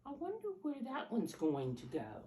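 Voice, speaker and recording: A woman's voice: high-pitched, wildly swooping pitch, normal speed, warm tone. An older woman reading picture books aloud to small children in a coaxing, teacher-like way, counting along and asking them questions. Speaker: storyteller for preschoolers. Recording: roomy echo, mic at a distance, faint background hum.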